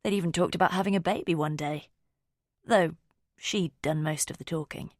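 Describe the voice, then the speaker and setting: Female audiobook narrator; low and measured, dry. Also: no room sound.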